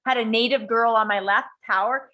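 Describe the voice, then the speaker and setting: A woman talking in a blunt, animated way, swearing freely as she leads a small group. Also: fairly high pitch, normal speed, slight background noise. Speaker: coach and workshop leader. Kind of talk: casual talk to a small group.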